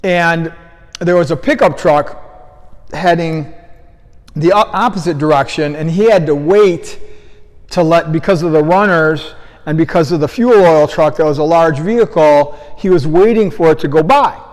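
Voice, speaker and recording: A man with a fairly high voice tells a casual story from his coaching days, wandering through restarts and acting out the quoted lines louder. His voice trails off into a long reverb, as if he is recorded in a big, hard room. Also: moderate pace. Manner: rambling storyteller who acts out quoted lines in a raised voice. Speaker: fitness coach and gym founder. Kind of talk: casual spoken anecdote.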